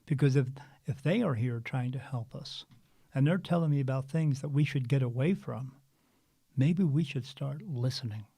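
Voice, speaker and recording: Man in his fifties, gravelly and mellow, earnest storyteller with restarts; dry sound. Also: mid-range voice, moderate pace, dry recording. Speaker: spiritual medium guest. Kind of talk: casual storytelling interview.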